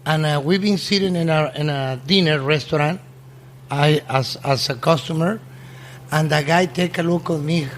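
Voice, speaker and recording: A restaurant owner telling a story in casual, halting English, often restarting his sentences. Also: fairly high pitch.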